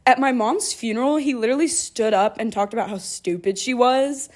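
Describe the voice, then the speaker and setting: Girl in her 20s, rambling through her own story, lots of "like", a bit high-pitched. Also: brisk, darkish tone. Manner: candid, rambling, full of "like" fillers. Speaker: podcast host. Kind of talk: personal storytelling.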